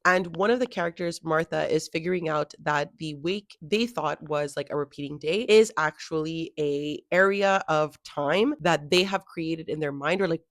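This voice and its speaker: A woman's voice: low-pitched, no echo. Young woman, casual book vlogger, chatty, filler-heavy, dry close sound. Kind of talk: casual reading vlog.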